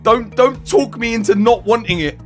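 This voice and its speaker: A young British man chatting casually on a live stream, animated and laughing in exasperated banter. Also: very high voice, normal speed, faint music behind. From United Kingdom.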